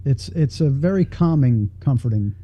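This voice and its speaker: A man chatting on air as a regular co-host, deadpan and dry, on dull lo-fi audio. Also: medium pitch, moderate pace. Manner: deadpan, puts on a flat monotone bit. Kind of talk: casual on-air chat.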